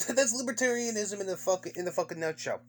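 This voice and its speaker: Male commentator, high voice, foul-mouthed and mocking; keeps hammering the same jeering questions. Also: fast, a little hiss or hum. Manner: heavy swearing, taunting repetition.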